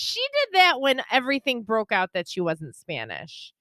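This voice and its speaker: A woman's voice: fairly high pitch, huge pitch swings, normal speed, bright, forceful tone, no echo. A young woman co-hosting a podcast, chatting and gossiping with sarcasm and frequent laughter. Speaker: podcast co-host. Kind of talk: casual gossip chat.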